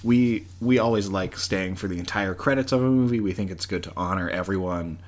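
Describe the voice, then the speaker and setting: A man co-hosting a casual podcast who tells stories excitedly and laughs often. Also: sits low, brisk. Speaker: podcast co-host. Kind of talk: casual chat.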